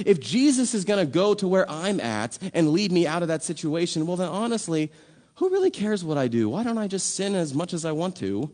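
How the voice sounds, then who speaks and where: High-voiced man preaching a sermon. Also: a little mellow. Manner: conversational, emphatic preaching with rhetorical questions. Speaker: pastor.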